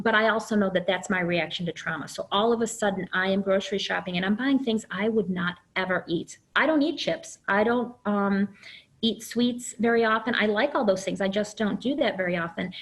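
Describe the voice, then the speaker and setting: A middle-aged woman presents a webinar over a video call, open and down to earth. She talks at an ordinary middle pitch, often pauses on "um", and draws examples from her own life. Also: rough recording. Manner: candid, uses herself as example, many fillers. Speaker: early childhood program director.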